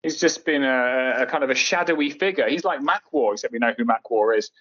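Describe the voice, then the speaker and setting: A man's voice: mid-range voice, brisk, fairly bright tone, muffled recording. A middle-aged man chatting as a podcast guest, sardonic and jokey as he tells stories. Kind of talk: casual chat.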